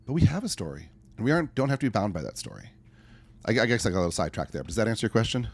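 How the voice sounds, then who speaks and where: A gravelly, low-leaning voice races along very fast and very animated as a middle-aged life coach answers a podcast interviewer. He's earnest and conversational, telling stories and acting out asides.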